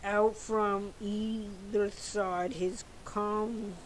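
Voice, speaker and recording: A woman reading a children's novel aloud in a steady, unhurried way. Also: mid-range voice, a little hiss or hum, poor audio. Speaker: storyteller.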